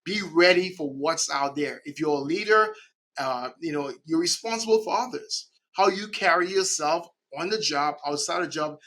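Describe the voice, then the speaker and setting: A middle-aged man from the Caribbean, a podcast guest speaking in an animated way and often checking in with "right?". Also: a little high, moderate pace. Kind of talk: conversational interview.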